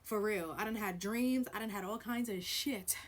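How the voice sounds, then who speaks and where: A woman telling a story on her vlog in a blunt, profane, animated way, with loud stresses and hushed asides. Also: medium pitch, normal speed. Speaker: vlogger.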